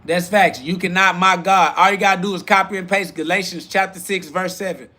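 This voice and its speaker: Brisk, bright and forceful, with fairly even intonation, a man hosts a live self-talk podcast. He preaches by repeating short slogans and retorts to critics, whom he quotes, in crude slang. Once heated, his voice cracks upward into high shrieks.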